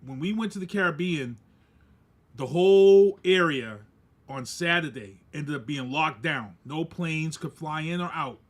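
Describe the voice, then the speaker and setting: A man, co-hosting a podcast and telling a story casually, animated and laughing as he acts out quoted voices. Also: fairly high pitch, a little slow. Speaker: podcast co-host.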